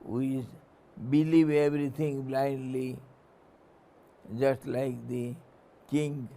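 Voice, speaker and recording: A man giving a spiritual discourse, telling a story slowly and laughing often. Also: medium pitch. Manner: laughs often, slow, animated. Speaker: spiritual teacher.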